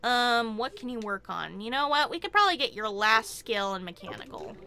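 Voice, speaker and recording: Bright, excitable woman gaming. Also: on the high side, a little fast. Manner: chatty, excitable, swears, laughs often. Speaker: game streamer. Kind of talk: casual gameplay commentary.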